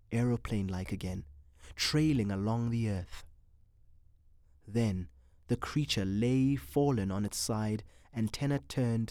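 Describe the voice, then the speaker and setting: A narrator reading literary fiction aloud in a measured, expressive way. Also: mid-range voice, no echo, studio quality.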